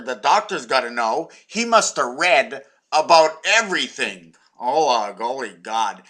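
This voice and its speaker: A man's voice: medium pitch, expressive, unhurried, few pauses, bright, forceful tone. A man from Quebec, Canada, talking in a meandering, playful vlog monologue full of wordplay and muttered asides. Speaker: vlogger.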